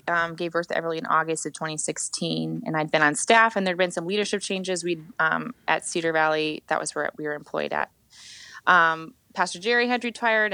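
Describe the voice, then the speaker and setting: A woman in her thirties, a worship leader, telling her faith story on a podcast guest spot in a lively, expressive way, acting out what she once said. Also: fairly low pitch, clear, resonant tone, no echo. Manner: animated storytelling, acts out her own past words. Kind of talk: candid personal testimony.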